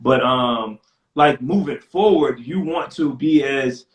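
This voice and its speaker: A man's voice: mid-range voice, slow pace. A man talking earnestly on a casual live stream, often checking in with "right?". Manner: earnest, keeps asking "right?". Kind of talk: casual conversation. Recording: roomy echo.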